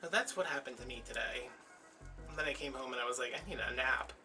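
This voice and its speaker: A man's voice: mid-range voice, quick pace, sharp tone, faint music behind. A man chatting casually while he makes a craft, telling stories and acting out the voices of people in them. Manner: chatty storyteller, acts out quoted voices. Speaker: crafting vlogger.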